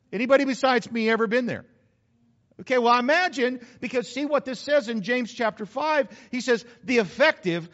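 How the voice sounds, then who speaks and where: High-voiced preacher in a reverberant hall. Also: male voice, fairly bright tone. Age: middle-aged. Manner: conversational, addresses the congregation directly, repeats phrases. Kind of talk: sermon. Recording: muffled hall recording with long reverb.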